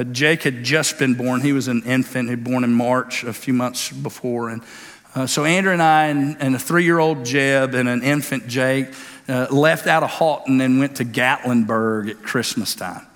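A man's voice: medium pitch, a bit bright, long reverb tail. A man preaching a sermon, telling a family story in a folksy way with many fillers and restarts. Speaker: pastor.

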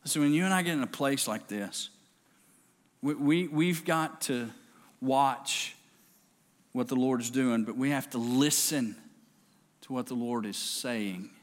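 A man preaching a sermon, with stammering restarts and quiet, hushed passages that build up to shouted exhortation. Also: mid-range voice, measured pace, long pauses. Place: large church sanctuary. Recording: long hall reverb.

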